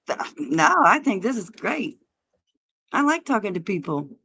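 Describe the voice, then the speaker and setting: Woman streamer, mocking and foul-mouthed, unhurried delivery. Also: mid-range voice, sing-song, gravelly, bright, forceful tone, husky. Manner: taunting, profane, mocking. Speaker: livestream host. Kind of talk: heated livestream argument.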